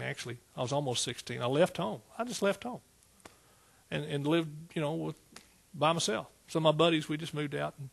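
A pastor preaches a sermon, moving between plain storytelling and bursts of exclamation. His voice is husky and sits somewhat high for a man.

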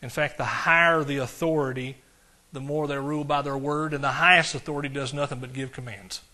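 A man preaching a sermon to a congregation, swinging between loud declarations and quiet asides and asking the crowd questions. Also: mid-range voice, steady tone, a little fast. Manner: talks directly to the congregation, asks questions. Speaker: pastor.

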